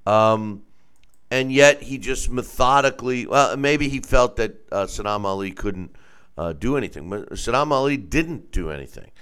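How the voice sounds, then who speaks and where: A man's voice: mid-range voice, expressive, normal speed, a bit bright, smooth. A man hosting a casual boxing commentary show, giving blunt, opinionated takes.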